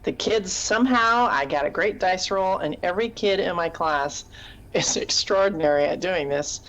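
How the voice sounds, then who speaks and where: A woman's voice: on the low side, moderate pace, fairly bright tone. A woman co-hosting a casual live chat show, a teacher who rambles through stories and laughs often. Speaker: podcast co-host.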